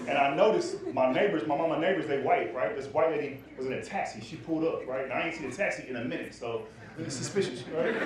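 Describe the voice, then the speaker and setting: Guy doing standup in a club, high voice, echoey room, crowd laughing loud. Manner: loud storytelling, acts out other people's lines, swears a lot. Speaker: stand-up comedian. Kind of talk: stand-up set. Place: comedy club stage.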